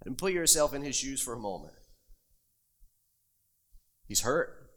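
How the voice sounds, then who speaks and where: A man preaching from the pulpit, building his points with emphatic, rising force as he reads and explains scripture. His voice sits in a middle register, neither high nor low. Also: big pitch swings, unhurried, a bit bright. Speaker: pastor. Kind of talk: sermon.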